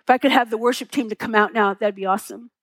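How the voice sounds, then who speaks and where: A woman's voice: on the high side, fast talker, no room sound, poor audio. A middle-aged woman pastor preaching a sermon, telling stories tenderly and asking the congregation rhetorical questions.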